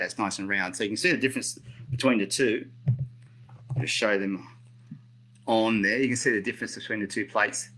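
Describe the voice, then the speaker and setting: Middle-aged Australian man, bright and forward tone, casual rambling live-stream host who self-corrects a lot. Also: on the low side, rough recording. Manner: chatty, rambling, self-correcting, reads out viewer comments. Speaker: roller skate hobbyist demonstrating maintenance.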